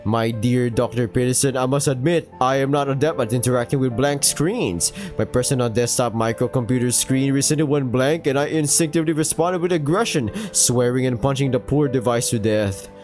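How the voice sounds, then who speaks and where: A man's voice: mid-range voice, fairly quick, hardly any pauses, darkish tone, faint music behind, lightly acted. A man voicing a prim, overly formal British war veteran in a game playthrough.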